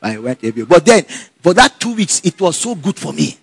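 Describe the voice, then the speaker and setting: A man telling a personal story in a casual, animated way, laughing often and acting out the dialogue. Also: on the high side, brisk, slightly rough, no echo. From Nigeria.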